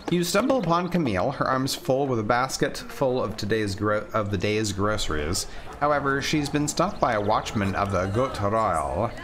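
A man reading a visual novel aloud, voicing its characters and stumbling over names with asides. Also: mid-range voice. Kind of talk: reading game text aloud with voiced characters.

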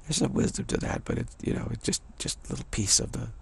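A man's voice: medium pitch, very animated, fast talker, vocal fry, noisy background. A man giving a long, off-the-cuff spiritual talk in a rambling, folksy way, with chuckling asides. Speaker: spiritual teacher.

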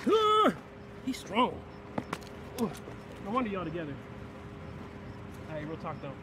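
A man with a very high, bouncy voice keeps cracking jokes in a rambling, playful way. He is recorded outdoors in a car park, and there is clear street noise and passing cars behind him. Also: expressive, a little slow. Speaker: man being arrested. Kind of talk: joking banter during an arrest.

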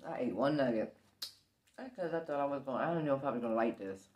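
A tired, sleepy woman hosting a casual eating show, talking slowly between bites. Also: a bass voice, lively intonation, a little mellow, reverberant. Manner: drowsy, unhurried, talks between bites. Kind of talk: casual mukbang chat.

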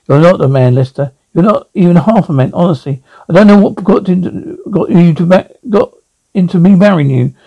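A man's voice: sits high, moderate pace, lo-fi sound. A man voicing a scornful, belittling middle-aged wife in a one-man radio drama. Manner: contemptuous, belittling.

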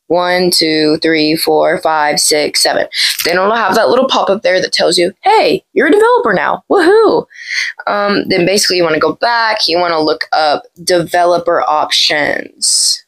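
A young woman talking casually through a phone tutorial, hoarse from being sick, chatty and rambling with lots of fillers. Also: on the low side, normal speed, a bit bright, low-quality recording. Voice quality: gravelly. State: hoarse from illness. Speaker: tech video creator. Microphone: small plug-in microphone.

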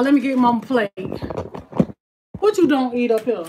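A young woman chats animatedly about her home cooking. Her voice sits a little high, and she scatters exclamations throughout her casual talk. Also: moderate pace, long pauses, a little hiss or hum. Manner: animated, exclaims "child, honey" often. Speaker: cooking vlogger. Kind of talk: casual chat to viewers.

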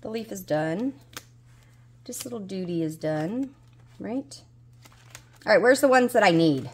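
Woman, 40s, Southern US accent, husky, lively pitch, casual budgeting vlog chat, mildly exasperated. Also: unhurried. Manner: talks to herself while searching, mildly exasperated. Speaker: budgeting vlogger.

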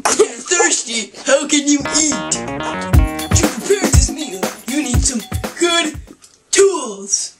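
A woman hosting a spoof cooking show with a goofy, deadpan manner and sudden loud outbursts. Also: high-pitched, takes it slowly, music in the background. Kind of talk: deadpan comic cooking demonstration. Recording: noisy home video recording.

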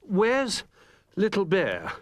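A man doing a cheerful toy giraffe, high and bright. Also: wildly swooping pitch, drawn-out words, dry recording, exaggerated voice. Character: gentle cheerful young male toy giraffe.

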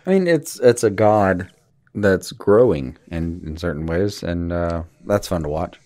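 A man's voice: deep voice, animated, a little slow, darkish tone. A man co-hosting a podcast, chiming in with short, agreeable remarks in casual chat. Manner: brief, agreeable interjections. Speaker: podcast co-host.

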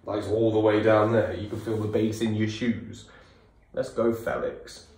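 A man hosting a casual music reaction video, animated and enthusiastic. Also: lowish voice, normal speed, heavy reverb, distant mic, very noisy. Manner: animated, laughing, enthusiastic, swears.

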